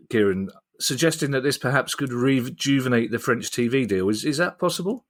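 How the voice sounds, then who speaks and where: A man's voice: medium pitch, sing-song, moderate pace, hardly any pauses. A man hosting a podcast in a playful, joking manner. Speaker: podcast host. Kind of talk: casual podcast chat.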